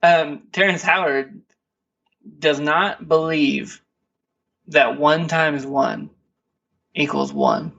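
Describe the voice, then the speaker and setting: A man's voice: fairly high pitch, fairly even intonation, drawn-out words, vocal fry, pauses often, bright, forceful tone, recorded from a distance, muffled recording. A man co-hosting a podcast, talking in a laid-back, rambling way with lots of fillers and restarts. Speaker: podcast co-host. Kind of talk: casual chat.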